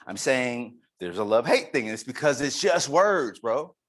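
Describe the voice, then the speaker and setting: Animated male conference speaker. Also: medium pitch, moderate pace. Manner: animated, emphatic, playful with the crowd. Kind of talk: live leadership talk to an audience. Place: conference room.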